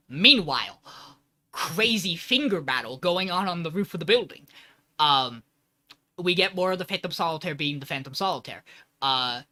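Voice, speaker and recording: A man's voice: a little high, lively intonation, moderate pace, bright, forceful tone. A man hosting a podcast, casually recapping an episode and animatedly acting out quoted lines. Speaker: podcast host.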